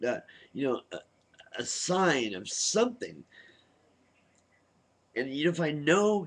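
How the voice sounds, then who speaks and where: Angry husky-voiced man ranting. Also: a little high. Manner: heated, combative, cursing, rhetorical questions. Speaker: vlogger. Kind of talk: angry webcam rant. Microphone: webcam.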